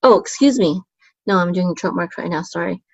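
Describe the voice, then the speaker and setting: A woman's voice: creaky, dry recording. Woman teaching Hebrew chant marks, lo-fi. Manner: chants the marks and words higher and slower, explains at a quick low murmur, many ums. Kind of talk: casual teaching, chanting trope words.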